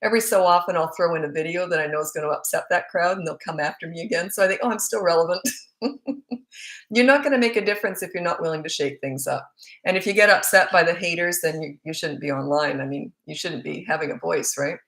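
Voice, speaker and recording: An Australian parenting coach reads viewer comments aloud and answers them bluntly in a casual live Q&A. Her lowish voice is quick and fairly bright, recorded with roomy echo.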